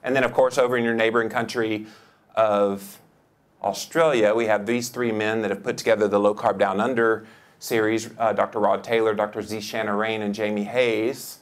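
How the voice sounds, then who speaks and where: A man giving a lively, joking seminar talk, jumping up in pitch for emphasis. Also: normal speed. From United States. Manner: enthusiastic, joking, with big pitch jumps for emphasis. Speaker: seminar speaker. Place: lecture hall.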